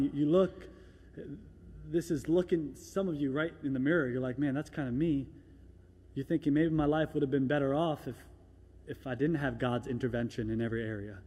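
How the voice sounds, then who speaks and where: A man preaching a sermon as pastor, moving from quiet, reflective lines to loud, fervent exhortation, and acting out doubters in a small hushed voice. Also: a little high, breathy edge. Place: large church hall. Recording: echoey church hall.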